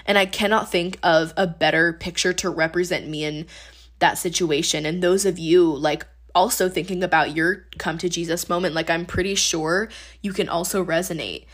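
A woman's voice: fairly low pitch, fairly bright tone. Earnest young woman sharing her testimony. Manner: casual, earnest, heavy use of "like". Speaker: podcast host. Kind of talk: personal faith testimony.

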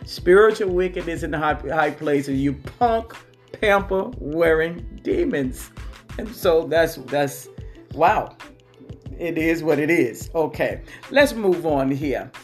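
A podcast host who talks very slowly and reacts often with short exclamations. Faint music sits low in the background. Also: expressive. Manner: reactive, interjects "wow". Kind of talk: podcast hosting.

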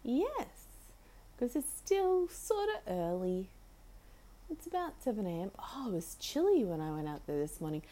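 Recording a relaxed solo podcast at home, a woman rambles haltingly and restarts her sentences, her dark-toned voice swinging widely in pitch. She also coos to her pet bird in a sweet, high voice.

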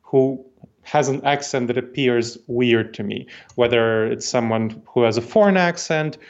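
A man's voice: mid-range voice, measured pace, muffled recording. A man in his forties, from Moldova, with an Eastern European accent tinged with New York, explaining ideas methodically as an interview guest. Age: 40s. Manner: methodical, explanatory, repeats key points. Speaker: guest expert.

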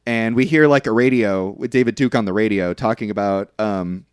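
A man's voice: on the low side, fairly quick, smooth, dry recording. Rambling man recapping a movie, dry sound. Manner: loose, rambling recap with frequent fillers and profanity. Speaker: podcast co-host recapping a film. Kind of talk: casual chat.

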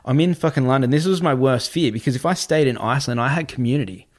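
A man, a podcast guest telling a story in a casual, animated way, often swearing and repeating himself. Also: mid-range voice, quick pace. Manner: animated, repetitive, swears freely.

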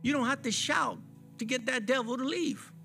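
A man's voice: extremely high pitch, normal speed, gravelly, pushed and bright, faint music behind. A man preaching a sermon at a church service, fervent and repetitive, calling out to the congregation. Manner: fervent, repetitive preaching with call-and-response phrasing.

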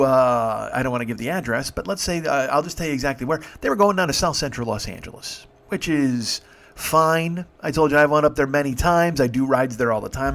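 Fast-talking man telling stories. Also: mid-range voice. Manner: animated, acts out dialogue, swears freely. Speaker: rideshare driver telling stories. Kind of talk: casual storytelling monologue.

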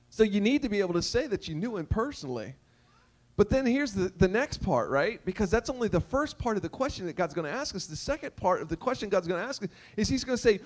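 A high-pitched man preaching a sermon. He is emphatic and repetitive. He jokes and keeps asking the crowd questions. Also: expressive, brisk. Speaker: pastor.

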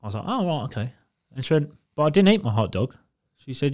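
Man, lively pitch, casual podcast storytelling, sweary, laughing. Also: normal speed. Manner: rambling and sweary, laughing through his own story. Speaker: podcast co-host.

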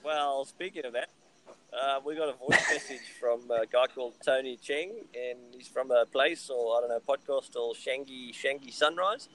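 A man's voice: medium pitch, normal speed, fairly bright tone, slight background noise, poor audio. A man with a South African accent co-hosting a podcast, chatting casually about fan mail. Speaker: podcast co-host. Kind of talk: casual chat.

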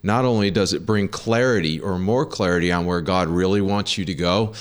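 A man speaking in a measured, thoughtful way during a faith discussion. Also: deep voice, smooth.

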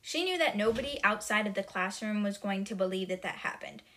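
A woman's voice: mid-range voice, lively intonation, a little fast, pushed and bright. A woman hosting a podcast, retelling book chapters in a chatty way full of "like" and "she's like". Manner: chatty, filler-heavy retelling with lots of "she's like". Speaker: podcast host. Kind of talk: casual book-chapter recap.

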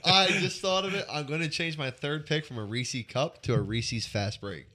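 A man's voice: fairly high pitch, normal speed, sharp tone. A man co-hosting a podcast, bantering crudely and joking with friends in casual chat. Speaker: podcast co-host.

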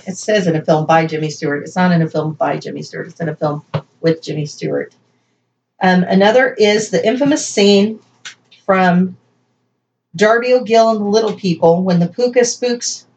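A woman's voice: mid-range voice, a little mellow, muffled recording, slight background noise. A woman co-hosting a casual podcast, reading folklore notes aloud with chatty asides and playful emphasis. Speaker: podcast co-host.

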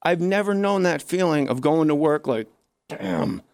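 A man telling stories in a casual interview, animated and acting out the people he quotes. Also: on the high side, moderate pace, noisy background. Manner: animated, acts out quoted voices. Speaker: comedian guest. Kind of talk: casual storytelling.

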